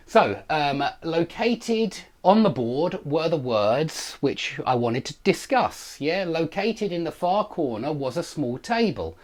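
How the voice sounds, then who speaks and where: Lively male English grammar teacher. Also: on the high side. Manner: lively, explanatory, reads example sentences aloud; many fillers and self-corrections. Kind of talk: live online grammar lesson.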